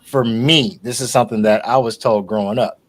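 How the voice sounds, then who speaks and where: This podcast co-host has a mid-range voice and speaks a little fast. He's an animated, profane storyteller in casual conversation who acts out what people said.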